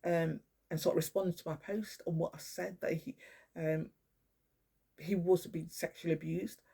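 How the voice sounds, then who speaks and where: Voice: mid-range voice, steady tone, creaky, dark tone, slightly rough. An older grandparent speaking in a rambling, emphatic monologue, swearing often and restarting sentences. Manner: profane, emphatic, repetitive; halting, with many restarts.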